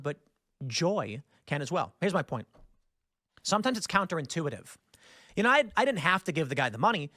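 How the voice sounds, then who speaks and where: A man hosting a podcast, telling a personal anecdote in a casual, animated way with frequent fillers. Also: high voice, no echo, clean studio sound. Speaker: podcast host. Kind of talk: casual storytelling.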